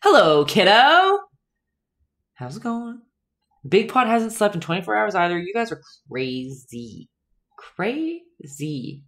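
Her mid-range voice is very animated and a bit bright, and she takes it slowly. She's a young woman hosting a live painting lesson, casually chatting with viewers in the chat while she teaches.

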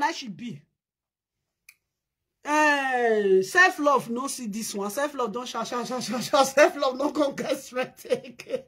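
A young adult woman with a Nigerian accent gossiping animatedly, laughing and breaking into shouts as she mimics other people. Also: high voice, lively intonation, unhurried, breathy edge. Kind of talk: animated gossip monologue in Pidgin.

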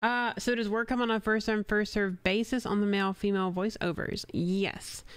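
A woman's voice: medium pitch, steady tone, moderate pace, clear, resonant tone, no room sound. A woman producing radio commercials on a live stream, chatting loosely with her viewers, swearing now and then and trailing off mid-sentence. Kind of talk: casual stream chat between commercial reads.

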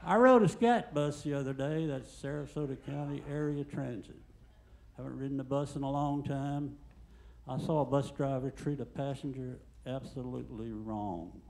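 An older man doing a stand-up comedy set in a comedy club, telling deadpan jokes and acting out the quotes. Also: medium pitch, moderate pace, creaky, a little hiss or hum.

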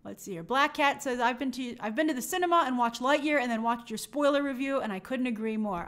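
A woman's voice: sits high, fast talker, few pauses, a bit bright. A young woman hosting a movie live stream, chatting upbeat and reading out viewer comments.

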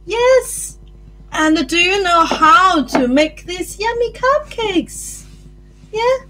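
A woman with a New Zealand accent leading a circle-time lesson for young children, with a sing-song, animated way of talking. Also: extremely high pitch, slow. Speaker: early childhood teacher.

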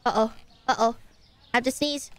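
A woman's voice: a little high, steady tone, normal speed, slight background noise. A woman streamer chatting casually while gaming, playfully dramatic and indignant, talking to her chat and her cat.

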